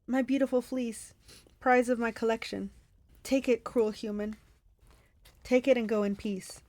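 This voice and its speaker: Woman voicing a booming treacherous giant cyclops. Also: steady tone, darkish tone, no echo, close to an everyday voice. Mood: pitiful. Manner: broken simple speech, slow and booming. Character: treacherous giant male cyclops, sobbing then bellowing.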